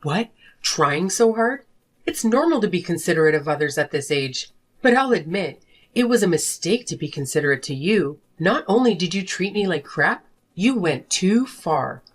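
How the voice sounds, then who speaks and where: A woman voicing a fed-up wife and mother confronting her husband, indignant and sharp. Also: fairly low pitch, sing-song, normal speed, slightly rough. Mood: angry. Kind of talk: narrated drama story dialogue.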